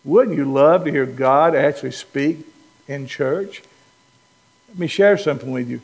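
A high-voiced man preaches in a church, with long reverb trailing each phrase. He is animated and playful and acts out the lines of the Bible figures he quotes. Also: unhurried, vocal fry. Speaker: pastor. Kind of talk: sermon.

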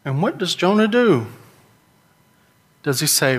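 Middle-aged preacher, folksy storyteller who acts out whiny characters, slightly higher-pitched voice. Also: male voice, sing-song, a little slow, long pauses, long reverb tail. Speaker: pastor. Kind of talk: sermon.

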